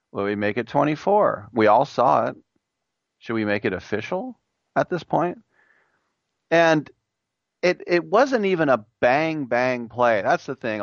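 A middle-aged man hosting a sports talk show, animated and joking, acting out quoted voices as he rants. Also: mid-range voice, no room sound, lo-fi sound. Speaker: sports radio host. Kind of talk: solo sports talk monologue.

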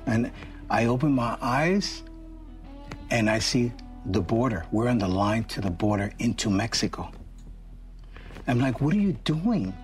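Man telling a lively road story. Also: mid-range voice, measured pace, long pauses, recorded from a distance, soft background music. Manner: animated anecdote with acted quotes. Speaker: boxing talk host. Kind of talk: casual storytelling.

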